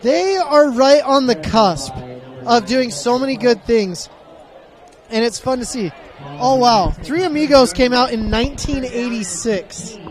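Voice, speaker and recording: A man's voice: extremely high pitch, lively intonation, measured pace. A man in his thirties giving color commentary on a football game, joking with wry asides. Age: 30s. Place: stadium press box.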